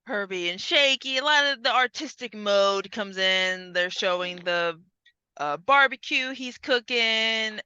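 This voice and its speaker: Animated, foul-mouthed podcast woman. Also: mid-range voice, clean tone, no echo, dull audio. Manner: animated, profane, acts out scenes in voices. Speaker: podcast co-host. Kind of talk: casual chat recapping a movie.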